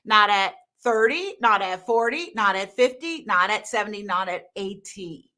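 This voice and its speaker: A woman's voice: mid-range voice, moderate pace. A woman hosting a live stream as a hormone coach, talking bluntly and laughing often. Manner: animated, laughing, blunt and emphatic. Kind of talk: casual live-stream talk to viewers.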